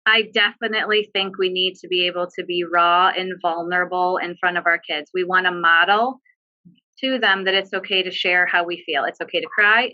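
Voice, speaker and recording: A woman's voice: lowish voice, muffled recording. A woman working as a bereavement social worker, giving earnest, direct advice with frequent fillers on a video call. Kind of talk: webinar discussion, giving advice.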